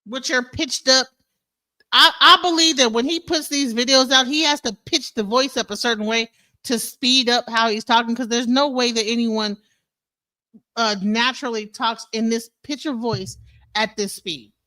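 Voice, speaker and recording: A woman hosting a stream, reacting to clips in casual, animated and incredulous commentary that she speaks straight to her viewers. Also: fairly high pitch, normal speed. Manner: animated, incredulous, talks to viewers as "bro" and "y'all". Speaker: stream host.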